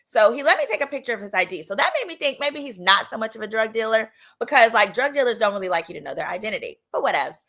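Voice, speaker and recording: A woman with a bright, ringing voice tells a story on her own channel in a relaxed, comic way. She sits a little high in her range and acts out the people in the tale. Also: fast talker, hardly any pauses. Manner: animated, playful, acts out quoted voices. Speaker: attorney and channel host. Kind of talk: casual comedic storytime.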